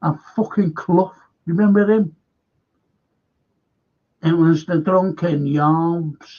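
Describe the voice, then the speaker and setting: Speaking slowly in a fairly high voice, a man hosting a fan football show rants heatedly, cursing constantly and repeating himself. It's an angry talk-show monologue in dull lo-fi sound.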